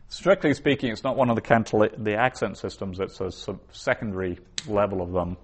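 A man teaching a class, explaining reading points patiently and methodically, with small restarts. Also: lowish voice.

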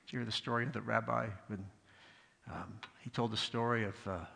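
A man's voice: lowish voice, fairly even intonation, a little fast, vocal fry, pushed and bright. A male pastor giving a sermon, telling stories with asides and acting out the voices of the people in them. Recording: long hall reverb.

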